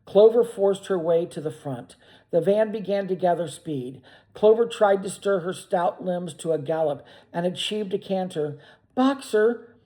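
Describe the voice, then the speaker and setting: A man narrating a book aloud in a steady, measured reading voice. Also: high voice, low-quality recording. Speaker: reader of books. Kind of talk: audiobook narration.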